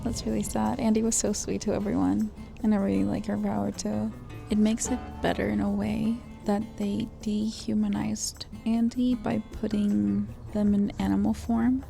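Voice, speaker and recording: A woman book vlogger talking casually as she reads, exclaiming, swearing and rambling out loud at each turn of the story. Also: mid-range voice, creaky. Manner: emotional, exclaiming and swearing at plot twists; rambling, thinks aloud with many fillers. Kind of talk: casual reading reaction vlog.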